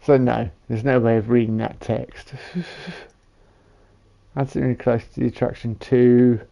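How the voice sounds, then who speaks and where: A man's voice: mid-range voice, flat delivery, measured pace, vocal fry, highs cut off. A tired man giving casual commentary on a game he is streaming from home, muttering to himself as he builds. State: tired, yawning.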